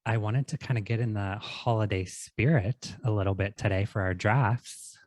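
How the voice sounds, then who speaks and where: A man in his forties hosting a podcast, relaxed in casual chat and quick to laugh. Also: fairly low pitch, no echo, clean studio sound. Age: 40s. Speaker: podcast host.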